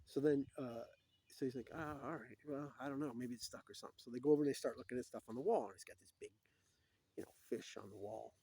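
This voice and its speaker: A man's voice: mid-range voice, fast, creaky, warm tone, husky. A man casually retelling old cartoon scenes, acting out the characters' lines and chuckling at his own jokes. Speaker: storyteller. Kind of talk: casual rambling monologue.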